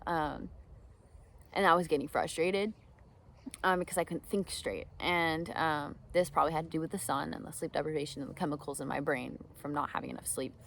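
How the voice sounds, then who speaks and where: Young woman, lower voice, casual and filler-heavy, speaking about her own experience to advise others. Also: slight background noise. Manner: rambling, full of "um" and "like" fillers. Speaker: speaker training others to help students. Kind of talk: candid personal story with advice.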